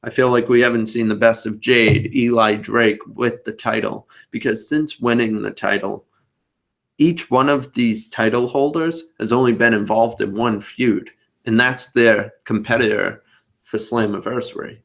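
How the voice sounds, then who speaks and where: Man, podcast host on a video call, rambling casual talker with a gravelly voice. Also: mid-range voice, fairly even intonation, unhurried, fairly bright tone. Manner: rambling, talkative.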